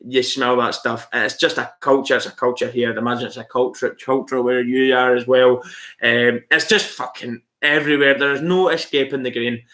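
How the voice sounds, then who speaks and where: A married man chats casually on a live stream, reading out viewer comments and giving blunt opinions. He swears freely and calls his viewers "mate," and his voice comes across bright and forceful. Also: medium pitch, fairly even intonation, normal speed. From outside Australia. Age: adult, married. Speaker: channel host answering viewer comments.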